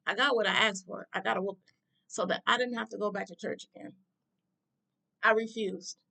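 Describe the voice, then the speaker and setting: Gravelly woman telling a story bluntly. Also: medium pitch, fairly even intonation, a little fast, pushed and bright. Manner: emphatic, blunt, conversational. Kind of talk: personal story time.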